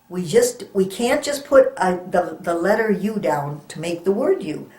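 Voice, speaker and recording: A woman teaching young children to read, sounding out letters slowly and patiently with encouraging praise. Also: on the low side, mellow, roomy sound. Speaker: reading teacher. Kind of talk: phonics lesson for young children.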